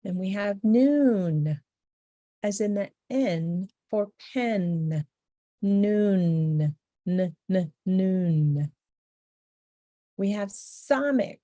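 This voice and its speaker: A woman's voice: mid-range voice, dark tone, no echo, studio quality. A woman teaching a beginner language lesson, patiently saying each letter sound several times over.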